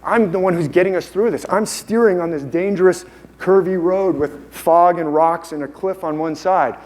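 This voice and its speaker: Controlling male inner voice put on by a speaker, urgent, pitched up, pressing. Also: normal speed, a little mellow, lightly acted. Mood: insistent. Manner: urgent, insistent. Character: controlling male inner mind, anxious and insistent.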